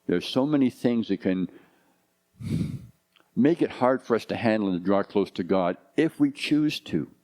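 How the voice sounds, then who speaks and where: A man's voice: on the low side, lively intonation, normal speed, darkish tone. A man in his fifties, a pastor preaching a conversational sermon full of rhetorical questions.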